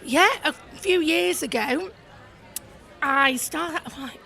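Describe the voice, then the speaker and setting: A woman's voice: high voice, slow pace, gravelly, pushed and bright. A Yorkshire woman guesting on a pub-themed podcast, chatting in a bubbly, storytelling way. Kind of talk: casual chat.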